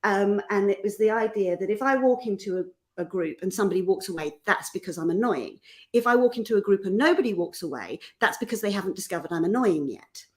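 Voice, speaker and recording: A middle-aged woman, a host and life coach, talking casually and acting out quoted voices with quick laughs. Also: mid-range voice. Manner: animated, acts out voices in quotes, laughs often. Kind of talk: casual podcast conversation.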